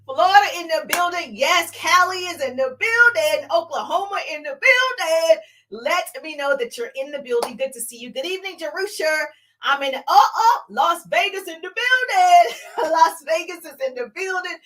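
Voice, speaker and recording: A woman's voice: sits high, a bit bright. A woman with a Southern accent from Georgia hosting a live business Q&A stream, greeting viewers in a bubbly, sing-song way before teaching.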